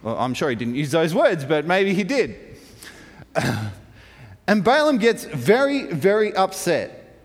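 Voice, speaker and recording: A man retelling a Bible story in a lively, playful way, with humorous asides. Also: high-pitched, a little slow, pauses often. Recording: long hall reverb.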